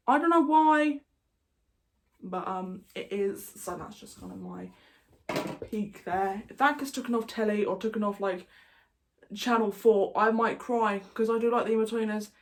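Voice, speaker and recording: A young woman with an English accent talks casually to her camera in a mid-pitched voice. She rambles loosely from one tangent to the next, with a chatty, unpolished delivery. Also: fairly even intonation, normal speed, a little hiss or hum. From England. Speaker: YouTuber. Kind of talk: casual vlog chat.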